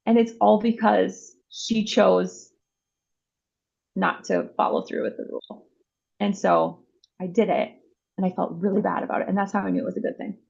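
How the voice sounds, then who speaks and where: Mom in her 30s, gravelly fry in her voice, earnest and reflective, lots of ums, kinda muffled lo-fi audio. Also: medium pitch, moderate pace, a little mellow. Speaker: guest mother. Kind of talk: casual podcast storytelling.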